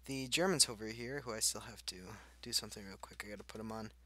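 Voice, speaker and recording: Here a young man who hosts a gaming channel talks his way through a war strategy game, laughing at his own moves and reacting aloud. He speaks quickly in a fairly low, pushed, bright voice with no echo, and faint game noise sits behind him.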